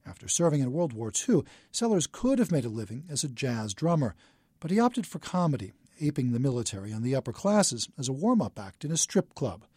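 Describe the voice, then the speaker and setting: A man giving measured, scripted documentary narration. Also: mid-range voice, sing-song, darkish tone, slightly rough, no echo, studio quality.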